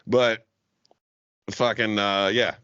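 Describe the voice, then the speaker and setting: A man's voice: on the low side, little pitch movement, slow, fairly bright tone, clear, resonant tone, dry recording. A young man co-hosting a podcast, telling a long story in casual chat, swearing constantly and laughing often. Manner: profane, laughing, rambling storyteller. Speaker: podcast co-host. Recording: dull lo-fi sound.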